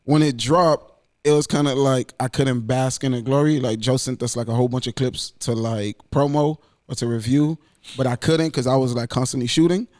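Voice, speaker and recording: Male podcast co-host, mid-pitch, playful joking delivery, dry studio sound. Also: fairly even intonation, moderate pace, a little mellow, dry recording. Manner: playful, joking, swearing banter. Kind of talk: casual chat. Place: recording studio.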